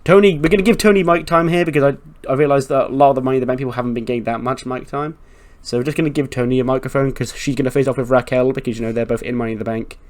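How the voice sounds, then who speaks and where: A man's voice: mid-range voice, fairly even intonation, racing, few pauses. A man hosting a let's-play, narrating a wrestling management game in casual, profane, joking commentary.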